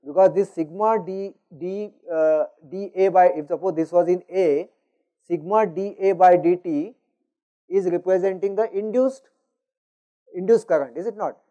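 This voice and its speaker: Lecturer, higher man's voice, dull recording. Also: normal speed, warm tone. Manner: explanatory, frequent "you know" and "is it not?". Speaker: university lecturer.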